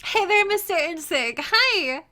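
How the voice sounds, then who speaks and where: A woman's voice: extremely high pitch, expressive, measured pace, sharp tone. A young woman live streamer, crying and gushing as she thanks viewers over and over for their donations. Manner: gushing, tearful, repeats thanks.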